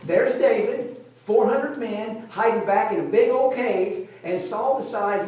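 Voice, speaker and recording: A male pastor preaching a conversational sermon, retelling a Bible story like a lively storyteller who keeps checking in with his listeners. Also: very high-pitched, takes it slowly. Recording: very echoey room, voice from a distance.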